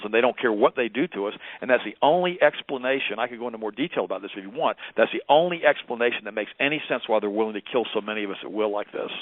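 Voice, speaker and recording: A man being interviewed as a guest on a radio talk show, speaking in a rapid, emphatic and preachy way. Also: medium pitch, no room sound. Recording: tinny phone line.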